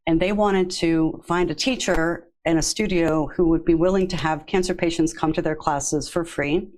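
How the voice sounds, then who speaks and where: A woman guest on a podcast, a yoga therapist, telling her story in a warm, chatty way and laughing easily. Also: low-pitched, fairly even intonation, normal speed, poor audio. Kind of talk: casual interview.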